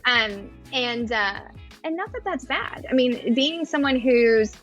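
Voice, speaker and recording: A woman in her thirties, a mother, chats casually as a guest on a podcast, speaking slowly and thoughtfully with many fillers and restarts. Her voice is on the high side, a bit bright, with lively intonation. Faint music plays behind her.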